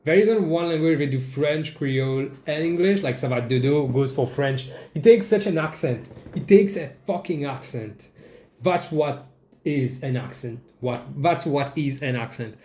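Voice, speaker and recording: A young Mauritian man with a Mauritian accent, giving casual comedic commentary in a sarcastic, swearing, animated way. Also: a little high, measured pace. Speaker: vlogger. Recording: echoey room.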